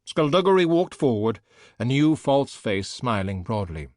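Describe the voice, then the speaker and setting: A man narrating an audiobook with an expressive, animated reading. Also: mid-range voice, unhurried, no echo, clean studio sound. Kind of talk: scripted narration.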